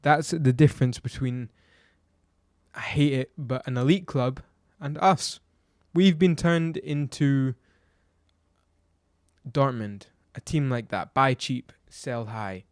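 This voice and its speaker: A man's voice: mid-range voice, slow, dry recording, studio quality. A man giving a blunt, exasperated football match review, ranting and firing off rhetorical questions. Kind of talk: opinionated match review vlog.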